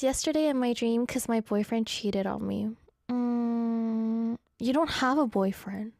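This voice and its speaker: A woman's voice: a little high, dry recording, clean studio sound. A young woman hosting a radio show, chatting casually and reading out listener messages with frequent giggles. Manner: giggly, chatty, self-deprecating. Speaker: radio host. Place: radio studio. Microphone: studio microphone.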